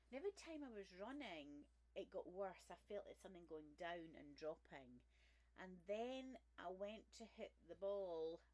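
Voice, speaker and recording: A woman's voice: mid-range voice, rough recording. A woman, frankly sharing a personal health story on her vlog in a chatty, candid way. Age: 60s. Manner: frank and candid, chatty with self-deprecating humour. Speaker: vlog host. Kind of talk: personal testimony monologue.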